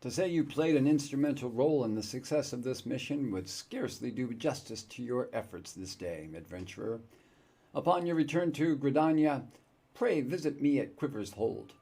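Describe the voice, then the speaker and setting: A stern military commander gives formal thanks and orders, read out by a man in his own gravelly voice. The delivery is plain and official, with a husky edge. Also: medium pitch, expressive, moderate pace, mellow.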